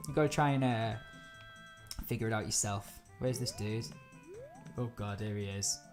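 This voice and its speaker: A woman chatting through a live gameplay stream, easily startled and quick to laugh. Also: a bass voice, over music. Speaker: game streamer.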